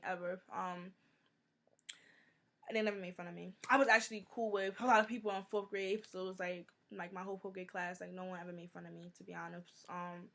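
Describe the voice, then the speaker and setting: A young woman, telling stories in a casual, animated Q&A vlog. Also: medium pitch. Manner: chatty, animated storytelling with many "like"s. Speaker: vlogger.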